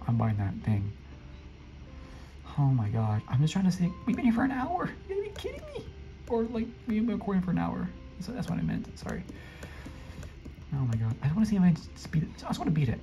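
A man commenting casually on his gameplay, excitable and flustered, often talking to the other players. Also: on the high side, low-quality recording. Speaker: gameplay streamer. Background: faint game music.

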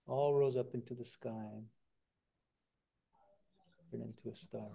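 A man retelling a traditional story during a lecture, relaxed and conversational, acting out the characters. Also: mid-range voice, slow pace, creaky, husky, dull audio. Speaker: guest speaker.

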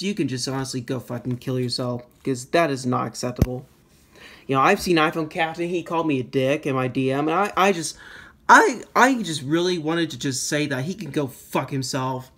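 A man giving casual commentary while demoing phone hacks, rambling and profane, quick to blow up into shouting. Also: on the high side. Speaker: iPhone jailbreak tinkerer. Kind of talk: casual screen demo commentary.

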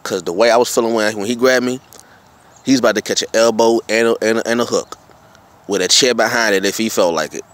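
A man casually telling a story to his viewers, getting animated and repeating himself as he speaks. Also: fairly low pitch, fast. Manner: relaxed, informal slang. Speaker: vlogger.

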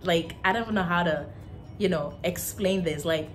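Woman, Nigerian accent, casual vlog chat, emphatic pitch jumps, lots of fillers, faint music underneath. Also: moderate pace. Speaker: vlogger.

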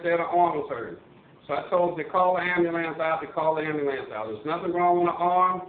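An older man, a retired police officer from Missouri, telling stories in a halting casual way with many fillers and restarts. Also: high-pitched, slight background noise. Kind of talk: casual storytelling monologue. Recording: tinny phone-like line, roomy echo.

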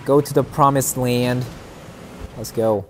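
A man with a steady, mid-range voice speaks slowly while streaming a shooter game. He chats casually with viewers and aims playful trash talk at opponents, and there's slight background noise.

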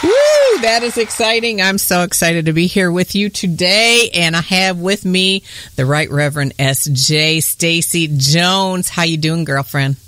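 A woman with a Southern US accent hosting a faith podcast in casual chat, bubbly and quick to laugh. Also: on the low side, some chatter behind, slight background noise. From northern US. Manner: bubbly, laughs often, whoops with excitement. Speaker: podcast host.

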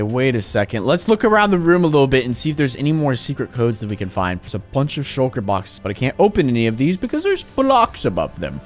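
A man who is a gaming YouTuber, giving excitable let's-play commentary with loud yelps. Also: medium pitch.

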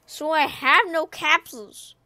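Woman gaming host, high voice, unhurried, excitable self-talk commentary. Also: no room sound. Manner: excitable, talks to herself while playing, shrieks when killed. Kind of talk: let's play commentary.

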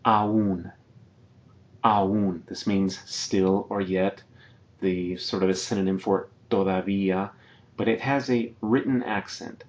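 Low-voiced man teaching a language lesson. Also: steady tone, a little mellow, highs cut off. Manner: patient, explanatory, repeats each word slowly. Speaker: Spanish teacher. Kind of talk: slide-based video lesson.

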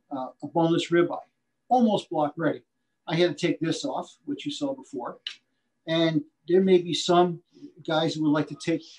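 Folksy butcher teaching, says "okay?" often. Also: male voice, fairly high pitch, darkish tone, rough recording. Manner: folksy, repeats himself, asks "okay?" often. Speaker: butcher instructor. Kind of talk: live cutting demonstration.

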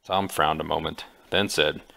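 Deep gravelly man reading a book aloud. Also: steady tone, normal speed, bright, forceful tone. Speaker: audiobook reader. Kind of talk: amateur audiobook reading.

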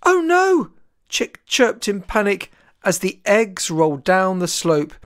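An author reading a rhyming picture book aloud in an expressive, sing-song rhythm. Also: medium pitch, unhurried, no echo, clean studio sound.

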